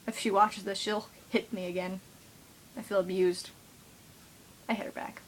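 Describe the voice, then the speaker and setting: A woman's voice: mid-range voice, level tone, a little fast, long pauses, rough recording. A teenage girl rambling in a casual vlog monologue, chatty and giggly, often mimicking friends in quoted voices. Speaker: vlogger.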